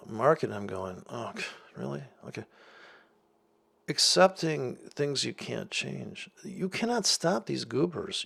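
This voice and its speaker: A man's voice: medium pitch, creaky, a bit bright. A man delivering a profane, sarcastic rant as a trading vlogger, swearing constantly and mocking people in put-on voices. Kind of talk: profane ranting monologue.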